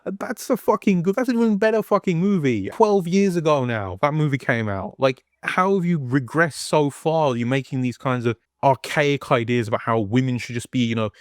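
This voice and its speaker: A man's voice: mid-range voice, normal speed, few pauses, dry recording, clean studio sound. A man hosting a video essay, ranting heatedly and swearing constantly in casual speech. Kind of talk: casual profane rant.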